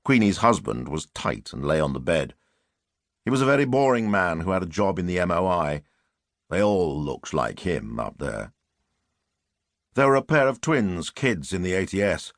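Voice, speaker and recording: A man reading a novel aloud as an audiobook narrator, measured and wry. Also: deep voice, sing-song, dry recording, clean studio sound. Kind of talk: scripted narration.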